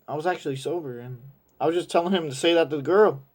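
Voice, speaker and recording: A young man tells a story in a loose, rambling way, swearing freely. His voice sits fairly high for a man. He gets animated whenever he imitates the people in the story. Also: fast talker. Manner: crude, rambling, animated when quoting others. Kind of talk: casual storytelling.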